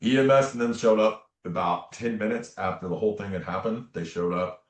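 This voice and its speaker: A man's voice: lowish voice, fairly quick. A man talking as an interview guest, telling a personal story in an earnest, casual way and often adding "man" and "right?". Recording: echoey room.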